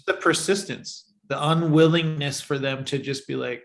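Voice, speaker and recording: A man's voice: a little high, fairly even intonation, moderate pace, vocal fry. A man co-hosting a livestream, talking earnestly and straight to the listeners. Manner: earnest, talks straight to the audience. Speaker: podcast co-host, agency owner. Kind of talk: casual livestream chat.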